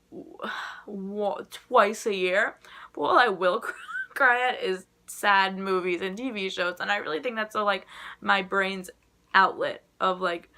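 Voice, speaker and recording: Young woman vlogger, rambling casual chat, bright and forceful tone with some vocal fry. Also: medium pitch. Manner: rambling, chatty, full of "like" fillers.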